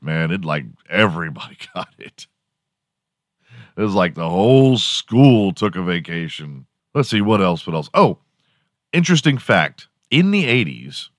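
A man hosting a morning show, rambling through a profane, animated solo monologue. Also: low voice, no room sound, clean studio sound. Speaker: podcast host.

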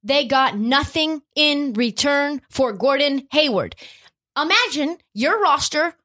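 A woman's voice: high voice, lively intonation, takes it slowly, pushed and bright. A woman hosting a sports podcast, giving opinionated commentary in an emphatic, swearing, ranting way.

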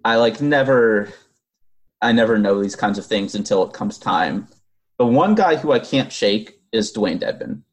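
Hoarse, rambling podcast co-host man. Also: on the low side, animated, measured pace. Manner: rambling, hesitant with fillers and restarts. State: losing his voice. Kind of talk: casual sports podcast chat.

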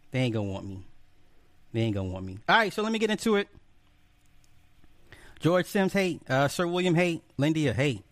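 A man with a fairly high-pitched voice hosts a casual livestream chat, joking, swearing freely, and greeting viewers by name one after another. There is no echo.

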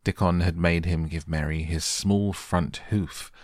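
A man narrating an audiobook softly for bedtime, gentle and unhurried. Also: low-pitched, steady tone, no echo, studio quality. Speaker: audiobook reader.

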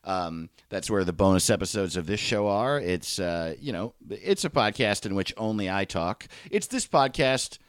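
A man's voice: low-pitched, animated, moderate pace, hardly any pauses, smooth, no echo. Podcast guy rambling on his own, swears a lot, voice jumps all over, dry close sound. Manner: candid, profane, rambling, laughs at himself. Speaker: podcast host. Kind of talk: solo podcast monologue.

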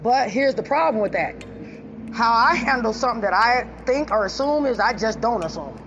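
A woman tells a story in a loud, profane, animated rant, her voice high and gravelly. The sound is dull and lo-fi. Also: normal speed, background noise. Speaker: storyteller vlogger.

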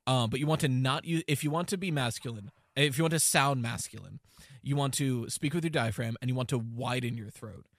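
A man's voice: medium pitch, a little fast, no room sound, studio quality. A man hosting a podcast, explaining things in a loose, rambling casual chat with lots of fillers. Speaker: podcast host.

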